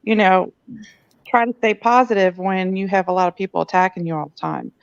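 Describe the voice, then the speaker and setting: A woman's voice: medium pitch, brisk, clear, resonant tone, no echo. A woman in a casual live-stream chat, laughing and egging the others on. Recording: dull lo-fi stream audio.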